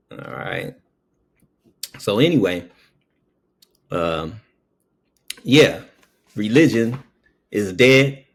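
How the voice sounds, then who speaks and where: In a slow, casual monologue, a man with a creaky voice tells a story, checking in with "okay?" after nearly every phrase. His pitch jumps up whenever he acts out quoted voices.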